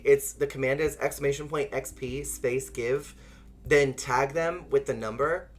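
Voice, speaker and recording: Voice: mid-range voice, normal speed, fairly bright tone. A streamer giving playful, giggly commentary on a live game playthrough and chatting with viewers. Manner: playful, giggly, talks to chat.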